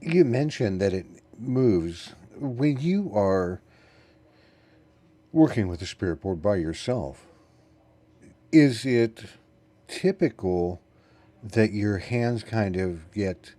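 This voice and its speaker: A man hosting an interview, asking his guest questions in a measured, unhurried way. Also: on the low side, lively intonation, dark tone. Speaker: podcast host.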